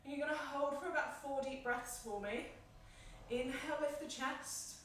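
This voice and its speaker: A woman leading a home yoga class, giving calm, encouraging cues in time with the breath, a little out of breath. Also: sits high, normal speed, a little hiss or hum. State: slightly out of breath. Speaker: yoga instructor. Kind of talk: guided yoga class instruction. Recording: echoey room, mic at a distance.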